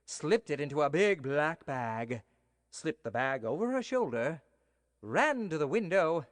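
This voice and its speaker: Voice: medium pitch, big pitch swings, measured pace. Playful bedtime storyteller, reverby hall. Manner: playful, addresses listeners directly. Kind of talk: reading a bedtime story to children.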